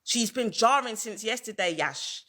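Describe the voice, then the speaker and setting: A woman's voice: a little high, lively intonation, a little slow, bright, forceful tone. A woman ranting on a livestream, heated and repetitive, hammering her points over and over. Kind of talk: livestream rant.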